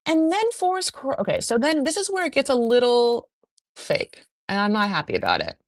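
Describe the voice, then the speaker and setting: Animated gossipy woman podcast host. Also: on the high side, brisk, no room sound, studio quality. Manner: chatty, gossipy, animated, full of asides. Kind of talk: casual reality TV recap.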